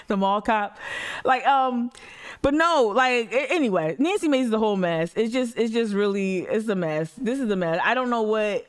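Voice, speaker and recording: A woman's voice: on the high side, animated, moderate pace, clean tone, no echo. A woman hosting a livestream, giving blunt, sarcastic, profane commentary on clips. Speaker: livestream host. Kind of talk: heated commentary reacting to clips.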